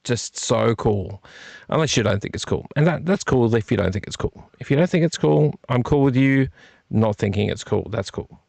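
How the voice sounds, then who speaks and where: Male vlog host, casual and goofy, repeats lines for fun; gravelly, dry close mic. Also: medium pitch, lively intonation, moderate pace, darkish tone, no room sound. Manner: playful, repeats phrases, silly wordplay. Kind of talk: casual rambling chat to camera. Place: home room with fire on a TV and a heater. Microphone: desk microphone.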